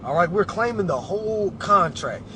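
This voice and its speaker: High-voiced man giving emphatic colloquial advice. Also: lively intonation, normal speed, noisy background. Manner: emphatic, preachy, keeps checking in with listeners; colloquial, addresses audience as y'all and family. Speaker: consultant advising clients. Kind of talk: casual direct-to-camera talk.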